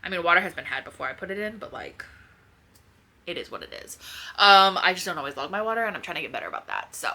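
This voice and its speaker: A woman chats casually in front of a camera at home, rambling and swearing lightly. Her voice sits low, yet it swings widely and sounds bright and forceful. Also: sing-song, fast talker. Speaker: book vlogger. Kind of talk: casual chat. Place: home room by bookshelves.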